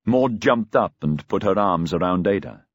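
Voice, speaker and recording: Expressive man narrating a novel, husky. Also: low voice, normal speed, dry recording, muffled recording. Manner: expressive storytelling. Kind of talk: audiobook narration.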